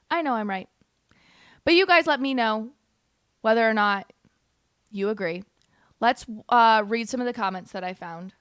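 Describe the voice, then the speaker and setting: A woman's voice: on the high side, a bit bright, dry recording, studio quality. A young woman hosting a livestream, reacting to clips with blunt, heated, sarcastic commentary. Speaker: political commentary host.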